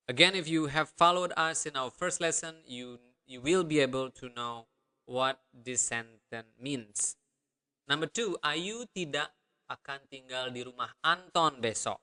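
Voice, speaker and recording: A man teaching a language lesson online, upbeat and repeating phrases slowly for learners to copy. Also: fairly high pitch, bright, forceful tone, clear, resonant tone.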